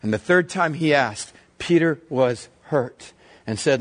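A man preaching a sermon, telling Bible stories with lively acted-out dialogue in a husky voice. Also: medium pitch, a little slow. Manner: animated storytelling, acting out Bible dialogue. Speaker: pastor.

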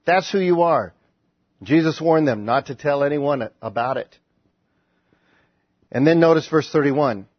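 Husky high-voiced male preacher. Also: unhurried, pauses often, no echo. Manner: conversational, animated storytelling with frequent restarts. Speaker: pastor. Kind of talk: sermon. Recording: dry, slightly dull recording.

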